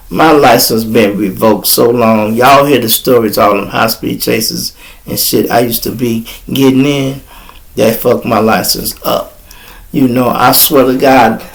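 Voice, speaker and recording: A man's voice: medium pitch, vocal fry, low-quality recording. A middle-aged man hosting his own show, telling stories in a loose, profane, chatty way. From Chicago. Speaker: podcast host. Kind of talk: casual storytelling.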